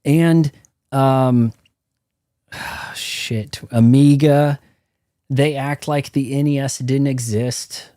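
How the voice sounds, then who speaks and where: A man's voice: medium pitch, steady tone, drawn-out words, long pauses, mellow, dry recording, studio quality. A man ranting his opinions in loose, profane gameplay commentary on a live stream. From United States.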